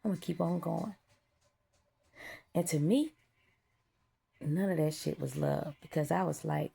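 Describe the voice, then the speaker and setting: A woman with a lowish, heavily gravelly voice full of vocal fry. She rants with defiance and profanity, stacking up emphatic declarations in a spiritual monologue. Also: measured pace, long pauses, dark tone. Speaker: vlogger.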